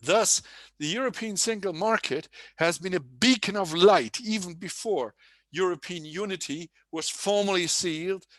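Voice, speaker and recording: Male conference speaker, formal delivery with frequent self-corrections, slightly high-pitched, dry sound. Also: normal speed, fairly bright tone, no echo. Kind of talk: prepared speech read aloud. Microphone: online conference setup.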